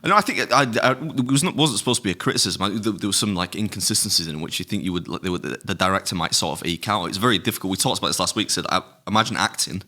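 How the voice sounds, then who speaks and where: Deep-voiced guy on a podcast, talks fast, bright edge, rambles. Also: animated. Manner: rambling, self-correcting. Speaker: podcast co-host. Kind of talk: casual chat.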